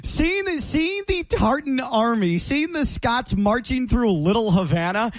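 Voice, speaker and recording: A man's voice: very high voice, expressive, unhurried, slight background noise, low-quality recording. A man co-hosting a sports talk show, talking casually in a wry, teasing way.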